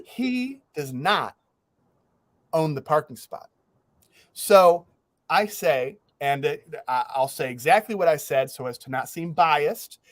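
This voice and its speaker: Brief: male podcast host, younger adult, lively storyteller with a slightly raised pitch, dry close mic. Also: slow pace, no room sound. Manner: animated, laughs through his stories, swears freely. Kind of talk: casual storytelling chat.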